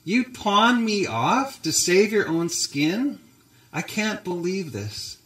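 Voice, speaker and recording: Hurt wife reproaching her husband, a man putting her on, pitched way up, church echo. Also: sing-song, slow pace, a bit bright, heavily acted. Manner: raised pained reproach. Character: hurt, betrayed wife Sarah.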